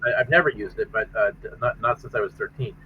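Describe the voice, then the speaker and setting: A man's voice: lowish voice, fast talker, phone-quality sound, slight background noise. A man running a tabletop game, chatting casually and restarting and repeating words as he goes. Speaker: game master and game designer. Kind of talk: casual chat between tabletop players.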